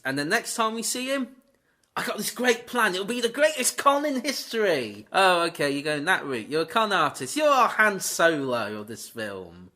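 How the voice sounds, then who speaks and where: A man co-hosting a casual movie debate podcast, chatty and lively. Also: a little high. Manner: lively, chatty, slips into goofy quoted voices. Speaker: podcast co-host.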